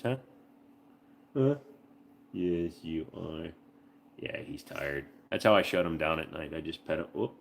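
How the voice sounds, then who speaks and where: A man's voice: low-pitched, sing-song, unhurried, long pauses. A man hosting a casual livestream from home, joking with profanity and cooing baby talk to his dog. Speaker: livestream host.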